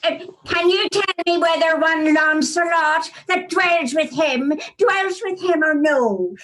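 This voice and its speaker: A frail, nearly blind old father, played by a woman, asks the way in a thin, very high, pleading voice. He speaks slowly and humbly, like a poor man who knows his place. This is Shakespeare performed over a video call. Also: a bit bright, heavily acted.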